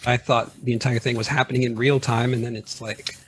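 A man chatting casually about movies in a laid-back, dry way, often trailing off softly. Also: medium pitch, level tone, fairly quick, slight background noise.

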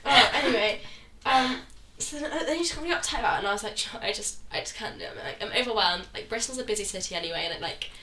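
Brief: high, bright young woman, around 19, animated chatty podcast co-host, heavy "like" habit. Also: racing. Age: young adult, around 19. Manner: animated storyteller, lots of "like" fillers. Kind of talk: casual chat.

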